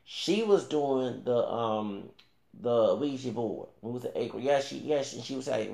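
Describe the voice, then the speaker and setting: Rambling man with a gravelly voice. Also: mid-range voice, lively intonation, measured pace, warm tone, roomy sound. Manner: rambling, with many restarts and fillers; talks back directly to another creator. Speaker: YouTuber. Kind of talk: casual ranting commentary.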